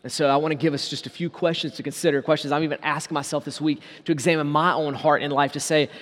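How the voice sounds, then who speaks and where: A man preaching a sermon as pastor, asking the congregation rhetorical questions and slowing down on key words. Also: fairly high pitch, level tone, a bit bright, long reverb tail.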